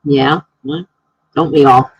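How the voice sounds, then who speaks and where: A woman live-streaming from home, chatting casually, reading viewer comments aloud and telling excitable stories. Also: extremely low pitch, takes it slowly, creaky, muffled recording, a little hiss or hum.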